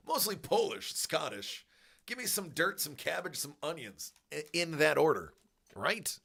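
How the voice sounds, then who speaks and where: Man, livestream host, casual chat, rambling tangents, bright forceful voice. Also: on the high side, big pitch swings, a little slow, creaky, slightly rough. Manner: rambling, tangent-prone, with laughs and fillers.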